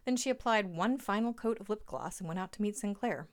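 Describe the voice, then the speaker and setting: A woman's voice: medium pitch, a little fast. A woman narrating a story aloud in a dry, wry manner.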